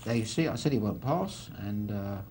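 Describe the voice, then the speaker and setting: A man's voice: on the low side, animated, moderate pace, a little mellow, a little hiss or hum. A man gives live poker commentary, walking through each hand with a chatty manner and dry teasing asides to his co-host.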